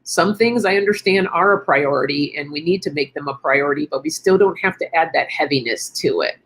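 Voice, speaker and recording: Speaking briskly in a low, fairly bright voice with a breathy edge, a middle-aged live stream host runs a relaxed wellness chat. She encourages viewers warmly and muses aloud while responding to them.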